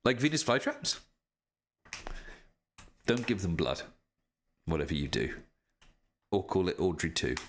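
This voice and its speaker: A man's voice: low-pitched, sing-song, unhurried, pauses often, a bit bright, a little hiss or hum. A man hosting a casual live stream from his room, chatting with viewers, reading out their messages and joking at his own expense. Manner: chatty, jokey, reads chat aloud, self-deprecating. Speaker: voice actor streaming a signing. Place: home room with lamps and streaming setup.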